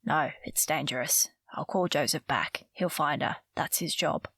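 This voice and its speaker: A woman voicing a grim adult man who speaks in a low, exaggeratedly calm voice for a storybook. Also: measured pace, husky, dry recording, exaggerated voice. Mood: calm, firm.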